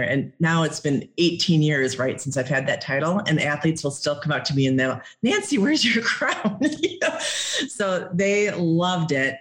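A middle-aged woman from Minnesota, a podcast guest telling her story in an animated way, laughing often and acting out what she said back then. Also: sits low. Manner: animated, laughs often, acts out her own past words.

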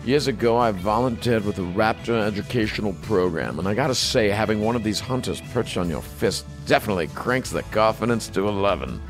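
A man's voice: lowish voice, lively intonation, fairly quick, hardly any pauses, music in the background. A man co-hosting a casual show, reading listener stories aloud in a playful, teasing way. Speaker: podcast co-host.

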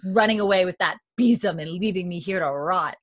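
A woman's voice: fairly low pitch, fairly quick, no echo, natural voice. A woman loosely voicing a proud, hard-up Scottish woman from a period drama while recapping an episode, keeping close to her own voice. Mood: proud, complaining. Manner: offhand retelling of lines, not a full performance.

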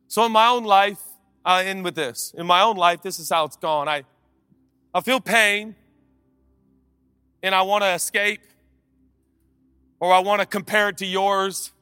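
A man preaching a sermon as pastor, swinging between loud impassioned calls and quiet conversational asides. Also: sits high, fairly even intonation, a little slow, pauses often, smooth, no room sound, long reverb tail.

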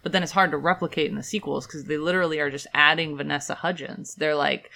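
A woman chatting on a podcast in a bright, forward voice with some vocal fry. She talks wryly and loosely, full of casual asides. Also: deep voice, fairly even intonation, fast talker, hardly any pauses. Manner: chatty, wry, many "like" fillers. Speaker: podcast co-host. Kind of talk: casual chat.

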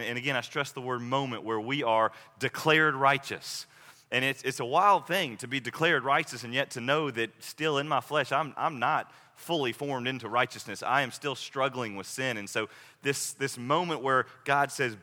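A man's voice: medium pitch, moderate pace, sharp tone. A man preaching as a pastor, earnest and emphatic, repeating his key phrases. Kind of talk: sermon with announcements and prayer. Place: church sanctuary. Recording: long hall reverb.

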